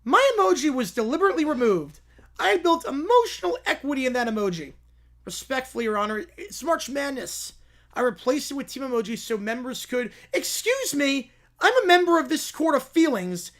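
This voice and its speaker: Figure: shrill complaining woman, put on by a man. Pitch: raised. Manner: indignant. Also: very animated, fairly quick. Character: indignant female chat member suing over an emoji.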